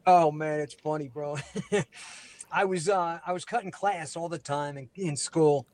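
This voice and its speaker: A man with a fairly high voice tells a comic story as a guest on a talk show. He is animated and profane, swearing in nearly every line. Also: unhurried.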